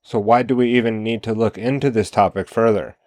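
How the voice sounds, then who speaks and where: Low-voiced man asking rhetorical questions. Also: steady tone, a little fast, darkish tone, no room sound, clean studio sound. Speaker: podcast host. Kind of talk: solo commentary monologue.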